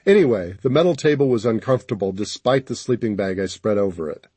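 A man narrating a first-person audiobook in a steady, even storytelling manner. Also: lowish voice, quick pace, husky, no room sound.

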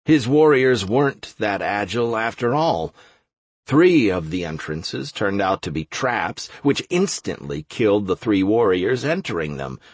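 Male audiobook narrator, husky, slow, measured and wry; dry close read. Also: lowish voice, no echo. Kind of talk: first-person fiction narration.

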